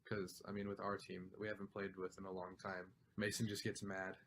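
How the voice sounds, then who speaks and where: A man's voice: deep voice, completely flat delivery, brisk, background noise. A young man hosting a casual podcast, rambling and joking as he complains about video games. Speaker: podcast host. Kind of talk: casual chat.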